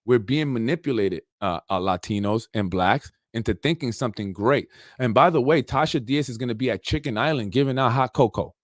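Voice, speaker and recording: A man's voice: mid-range voice, brisk, hardly any pauses, studio quality. Guy ranting on his politics podcast, streetwise, repeats himself a lot, medium voice, no room echo. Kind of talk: unscripted political commentary.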